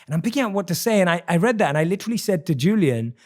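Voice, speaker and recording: Fast-talking effusive male podcast host. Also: high voice, very animated, a little mellow. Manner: effusive, complimentary, quick with repeated restarts. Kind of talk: casual interview chat.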